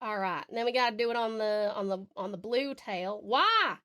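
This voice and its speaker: A woman with an Australian accent, chatting casually on a live art stream, laughing often and muttering softly as she draws. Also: mid-range voice, expressive, normal speed. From Tasmania, Australia. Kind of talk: casual live-stream chat while drawing.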